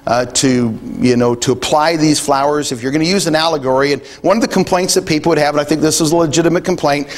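A man's voice: a little high, quick pace, hardly any pauses. A man preaching a sermon in a conversational way, thinking aloud with frequent restarts and quoting scripture. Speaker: pastor.

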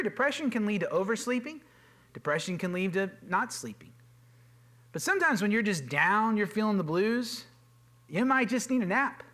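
A pastor delivers a sermon in a loose, conversational way, his voice sitting high for a man. He is earnest and informal, often doubling back on words and filling gaps with casual asides. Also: a bit bright. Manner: informal and earnest, with frequent fillers and repeated words. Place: church sanctuary.

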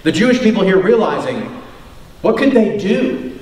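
Pastor, male, conversational sermon with frequent tag questions; a touch higher than usual; distant mic in a booming, echoey hall. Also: sing-song, moderate pace, a little mellow. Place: church hall.

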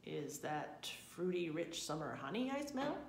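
Brief: a low, booming, sleepy storybook papa bear, read by a woman, heard in a roomy echo. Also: sing-song, a little slow, creaky, slight background noise, exaggerated voice. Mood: contented. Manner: booming, drowsy. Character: big, sleepy, jolly male bear.

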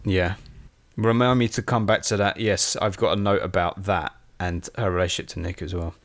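A man with a British accent, co-hosting a casual film review podcast, talking in an animated way with lots of swearing and restarts. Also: sits low, normal speed. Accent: British English. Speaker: podcast co-host.

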